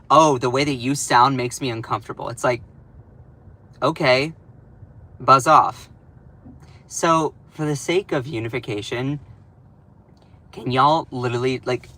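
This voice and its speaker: A young man speaking in a casual commentary vlog, his voice a touch high and notably bright. He rants sarcastically and stays animated throughout, with plenty of fillers and side remarks. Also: rough recording. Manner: animated, sarcastic, quick asides with many fillers. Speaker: political commentator.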